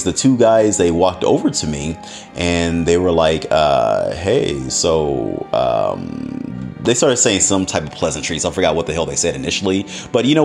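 A man hosting a podcast, telling a story casually, laughing often and swearing freely. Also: deep voice. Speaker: podcast host.

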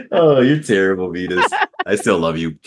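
A man co-hosting a podcast, telling stories in casual chat and laughing often. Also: low-pitched. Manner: animated storyteller, laughs often. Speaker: podcast host.

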